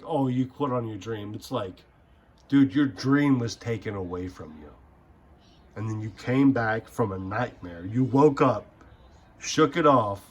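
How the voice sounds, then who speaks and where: A young man giving casual gaming commentary, ranting in a heated, profane, rambling way. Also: mid-range voice. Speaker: gaming channel host.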